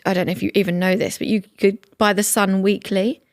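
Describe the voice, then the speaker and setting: A woman's voice: mid-range voice, fairly even intonation, a little fast, no echo, clean studio sound. A woman co-hosting a podcast, chatting and agreeing often with "yeah". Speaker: podcast co-host. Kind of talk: casual chat. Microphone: studio podcast mic.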